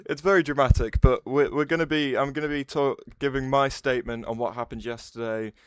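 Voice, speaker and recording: A man's voice: medium pitch, fairly even intonation, brisk, smooth, dry recording. A man hosting a casual livestream, rambling, restarting his sentences and answering chat messages aloud.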